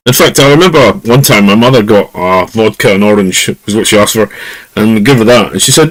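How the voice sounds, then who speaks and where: Speaking on the low side and a little fast, a Scottish man hosts a podcast of casual storytelling from a home room. He rambles and chuckles with lots of fillers, and the lesser mic yields poor audio without echo.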